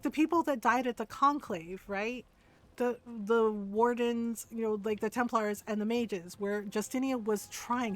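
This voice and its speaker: A woman streaming a game, chatting casually and animatedly, laughing often between rants. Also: a little high. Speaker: gaming streamer.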